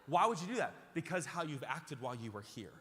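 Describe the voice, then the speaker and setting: Pastor guy preaching loud and emphatic, bright voice, big churchy reverb. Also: fairly high pitch, big pitch swings, a little fast. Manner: emphatic, repeats phrases for effect, calls out to the congregation. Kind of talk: sermon. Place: large church auditorium. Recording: hall reverb from a large church.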